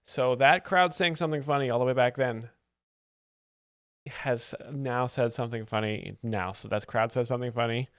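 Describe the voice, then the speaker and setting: A man hosting a stream as a mock-serious joke explainer, giving deadpan commentary on stand-up clips. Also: medium pitch, normal speed, dry recording, clean studio sound.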